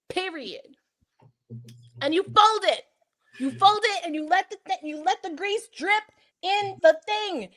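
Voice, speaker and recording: A woman with a New York accent co-hosting a podcast, chatting in a playful, slangy, animated way. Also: very high-pitched. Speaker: podcast co-host. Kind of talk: casual chat.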